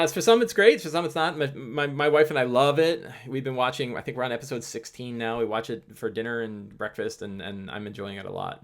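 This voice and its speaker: A man hosting a live stream, answering chat questions in a loose, rambling way with many restarts. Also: medium pitch. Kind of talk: casual livestream talk.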